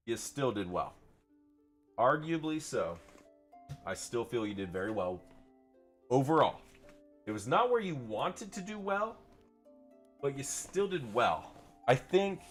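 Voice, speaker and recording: A young man hosting a live pack-opening stream, upbeat and chatty, greeting viewers by name and repeating phrases. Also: mid-range voice. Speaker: live card-breaking seller.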